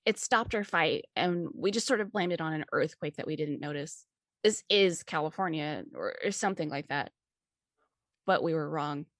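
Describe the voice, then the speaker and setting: A woman's voice: sits low, lively intonation, fairly bright tone, dry recording, clean studio sound. Shaky frightened teen boy, as a woman reads him. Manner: trembling, halting, stammering. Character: scared teenage boy, shaky and strung out.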